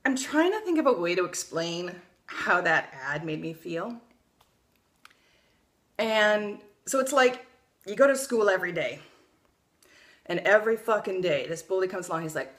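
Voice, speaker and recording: A woman's voice: lowish voice, lively intonation, normal speed, long pauses, a bit bright. A young adult woman vlogging in a casual, blunt way, swearing freely and telling stories with energy. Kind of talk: casual opinion vlog.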